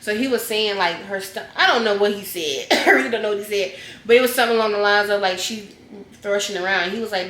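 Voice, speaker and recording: Woman, vlogger, casual storytime, animated, slangy, bright tone, echoey room. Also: mid-range voice, quick pace, slight background noise. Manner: animated, slangy, acts out scenes with loud yells.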